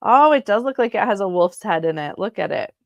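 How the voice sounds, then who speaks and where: A woman hosting a casual live sale of crystals from home, chatty and unhurried, with frequent ums. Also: medium pitch, lively intonation, gravelly, dry recording, highs cut off.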